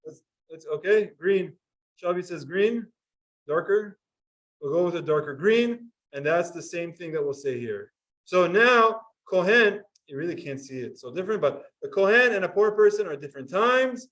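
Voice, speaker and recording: A man's voice: high-pitched, expressive, moderate pace, a bit bright, recorded from a distance, low-quality recording. A man teaching a Talmud class, explaining step by step and asking his students questions.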